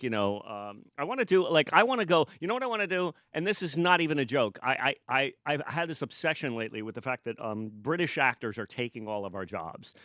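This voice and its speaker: A man from the United States chatting on a comedy podcast, animated and rambling, full of restarts. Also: a little high, no room sound, studio quality. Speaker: comedian guest. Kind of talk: casual podcast chat.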